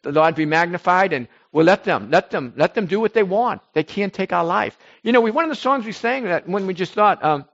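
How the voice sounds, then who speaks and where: A man preaching informally to a small group, rambling and animated, swinging between loud bursts and soft asides. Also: high voice, fairly quick, few pauses, lo-fi sound. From United States.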